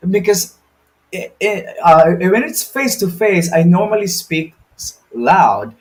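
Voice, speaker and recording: A man's voice: high-pitched, big pitch swings, takes it slowly. A young adult man with a Filipino accent, teaching an online lesson in a loose, chatty way with many fillers and asides. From Philippines.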